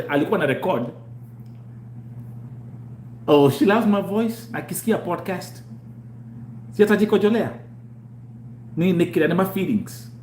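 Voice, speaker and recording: A Kenyan man hosting a show, telling a story casually and acting out the dialogue, slipping into Swahili slang. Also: fairly high pitch. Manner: animated, mixes English and Swahili slang, acts out dialogue. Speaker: show host. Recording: echoey room with faint hum.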